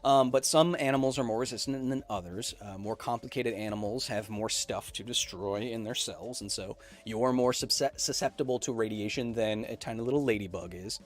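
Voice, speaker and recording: A man in his thirties hosting a casual live-stream podcast, answering chat questions with quick jokes and lots of ums. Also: lowish voice, soft background music. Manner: animated and jokey, with many ums and playful outbursts.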